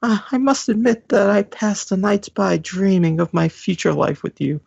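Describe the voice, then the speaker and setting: A man's voice: high voice, moderate pace, vocal fry, darkish tone, slightly rough, dry recording, pitched above the performer's own voice, heavily acted. A man voicing a dreamy, lovestruck old man in a swooning, sing-song manner, with dull lo-fi audio.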